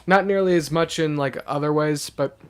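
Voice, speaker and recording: A young man chatting casually on a live stream and reading chat aloud. He is sick and his voice sounds rougher than usual. He is chatty and excitable, with lots of fillers. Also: a little high, normal speed.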